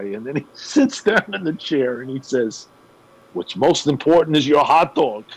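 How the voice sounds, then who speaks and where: Low, husky-voiced male storyteller. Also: low-quality recording. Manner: animated, retells scenes with emphatic pauses. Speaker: guest on a radio show. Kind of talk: conversational storytelling.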